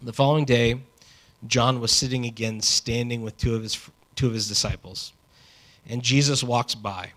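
A man preaching a sermon in a conversational, animated way, with casual asides. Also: medium pitch, normal speed. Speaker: pastor.

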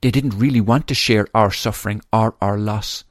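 Earnest low-voiced man reading his memoir. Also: steady tone, no room sound, clean studio sound. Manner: earnest, grieving, deliberate reading. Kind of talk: reading aloud from his own writing.

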